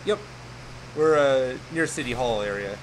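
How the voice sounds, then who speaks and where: A man's voice: mid-range voice, animated, a little slow, slight background noise. A man giving casual commentary over a video game, rambling and losing his train of thought. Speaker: let's play commentator.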